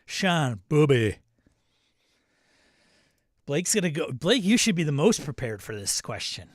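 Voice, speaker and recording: A man's voice: on the high side, sing-song, a little fast, breathy edge, no room sound, studio quality. A man with a Midwestern American accent who hosts a casual livestream chat, joking, rambling and answering his chat. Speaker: host.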